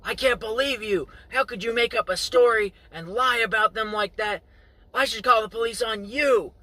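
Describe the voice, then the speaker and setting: A man voicing an indignant mother who loudly scolds a neighbor in a raised voice. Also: sits high, lively intonation, a little fast, breathy edge, no echo, voice pushed up, full character voice, poor audio. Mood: scolding. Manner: loud, scolding, defensive.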